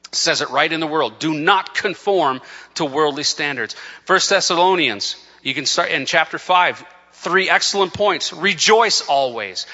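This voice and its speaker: A man preaching an impassioned sermon, often stumbling and restarting as he builds to near-shouting. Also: fairly high pitch, big-room sound, highs cut off. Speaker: pastor.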